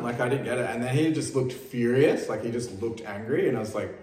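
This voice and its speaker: A man's voice: medium pitch, fast, darkish tone. A man hosting a casual chat, telling stories candidly and laughing at them, swearing freely. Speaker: podcast host and musician. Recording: echoey room with guitar.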